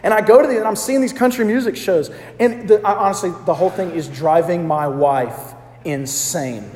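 A man's voice: high voice, moderate pace, darkish tone. A man in his thirties with a Southern US accent, preaching a conversational sermon and calling out to the congregation. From American South. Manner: conversational storytelling with congregation call-outs. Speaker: pastor. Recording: echoey hall.

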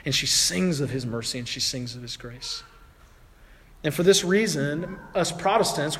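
A man's voice: fairly high pitch, big-room sound. A man preaching a sermon to his congregation in a conversational way, sometimes acting out the voices of people in the story. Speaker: pastor.

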